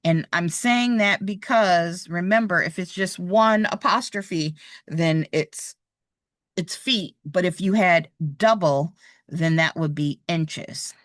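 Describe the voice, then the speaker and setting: Woman, exam tutor, slow unhurried delivery, dry close sound, encouraging. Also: fairly low pitch, no echo. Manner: patient, encouraging, thinks aloud while drawing. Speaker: real estate exam tutor. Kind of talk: live online math lesson.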